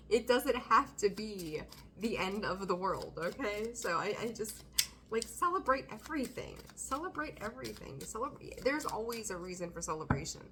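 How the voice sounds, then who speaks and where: Woman, tarot reader, casual, blunt, bright tone. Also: medium pitch, a little hiss or hum. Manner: blunt, swearing, laughs often, animated.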